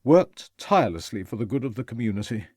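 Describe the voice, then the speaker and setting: A tipsy young toff slurs and rambles cheerfully in a lively, bouncing voice, as a male narrator puts him on. He talks a little higher and louder than the narrator's own voice, in a dry, close audiobook recording. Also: moderate pace, no room sound, close to an everyday voice. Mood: mocking. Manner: slurring, chatty, self-pitying. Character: tipsy, rambling young upper-class man.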